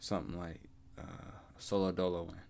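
A man's voice: low-pitched, flat delivery, fairly quick, gravelly, mellow. A young man hosting a solo podcast, telling stories in laid-back, slang-heavy casual chat and laughing often. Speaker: podcast host.

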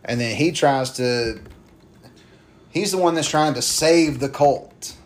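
A man co-hosting a casual podcast, rambling and swearing freely as he pitches ideas. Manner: profane, rambling, acts out promos in quick voices. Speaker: podcast co-host.

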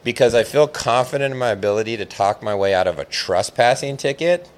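A man telling a long fishing story in casual chat, rambling and animated, with lots of "like" fillers. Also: medium pitch, fairly quick. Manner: rambling, animated, heavy use of "like".

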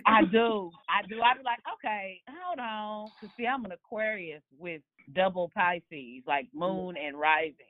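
Animated woman on a tinny phone line. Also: lowish voice, normal speed, few pauses, dry recording. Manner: animated storyteller, acts out family members' voices. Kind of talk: casual group chat.

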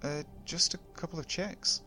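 A man's voice: moderate pace, a bit bright, close to an everyday voice. A man voicing a blunt young woman explorer. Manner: curt, low replies.

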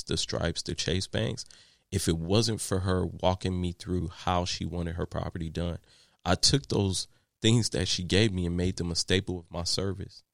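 Deep gravelly man telling a story. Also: no room sound, studio quality. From Texas. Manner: animated, repeats words and fillers while telling a story. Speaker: guest, landscaping business owner. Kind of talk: casual storytelling in an interview.

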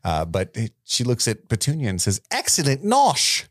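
A man's voice: on the low side, animated, fairly quick, no room sound, studio quality. An American man co-hosting a podcast, chatting casually about a movie and jokingly acting out lines from its scenes. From United States. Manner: jokey, acts out quotes from scenes. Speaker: podcast co-host. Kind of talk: casual movie review chat.

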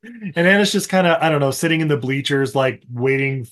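Man, podcast host, casual movie recap, laughs often, swears, fairly high voice. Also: expressive, brisk, fairly bright tone. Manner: laughing, profane, acts out characters in silly voices.

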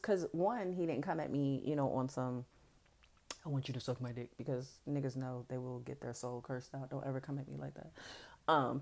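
Brash young woman host, casual storytelling, gravelly fry throughout. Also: rumbling low, a little mellow. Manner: blunt, profane and boastful. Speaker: podcast host.

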